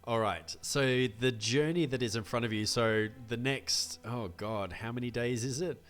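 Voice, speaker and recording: A man narrating as game master in a tabletop game, relaxed and descriptive. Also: medium pitch, normal speed, faint music behind.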